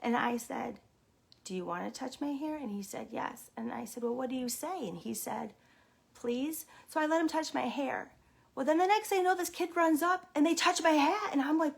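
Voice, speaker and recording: A woman telling an animated, mock-stern story while playing a thief character, with sudden exclamations and repeated catchphrases. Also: high-pitched, normal speed, vocal fry, slightly rough. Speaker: daycare owner vlogger.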